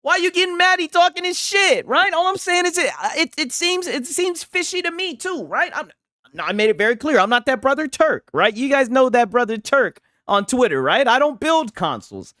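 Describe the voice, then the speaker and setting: A man's voice: extremely high pitch, animated, normal speed, pushed and bright, dry recording, studio quality. A man doing casual gaming reaction commentary, profane and mocking, who keeps asking "right?".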